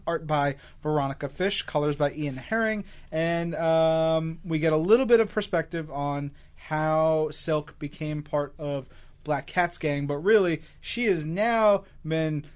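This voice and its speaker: A man from New York co-hosting a comics podcast, talking in a rambling, hesitant, excitable way. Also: a little high, measured pace. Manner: rambling, hesitant, many fillers and restarts. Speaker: podcast co-host. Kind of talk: casual chat about comics.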